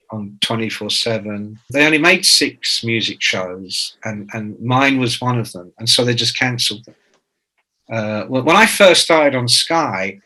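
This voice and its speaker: A man's voice: medium pitch, bright, forceful tone, low-quality recording. A man in his sixties, a guest author telling profane, jokey anecdotes and acting out the quotes. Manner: profane, jokey storyteller who acts out quotes. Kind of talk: anecdotal interview talk.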